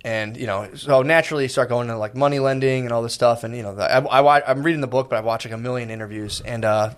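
Fast-talking rambling man. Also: mid-range voice, fairly even intonation, clear, resonant tone. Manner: rambling, profane, acts out quotes in voices. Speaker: podcast co-host. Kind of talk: casual chat.

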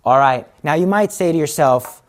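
A man with a fairly high, animated voice speaks at a moderate pace in a casual Catholic talk about confession. He's conversational and earnest, urging his listeners, and he plays out everyday moments in quoted voices.

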